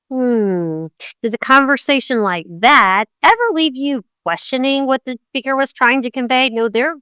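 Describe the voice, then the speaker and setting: Bright, animated woman podcast host. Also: smooth, no room sound. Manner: animated, acts out quoted tones with big pitch jumps. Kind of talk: conversational monologue on communication.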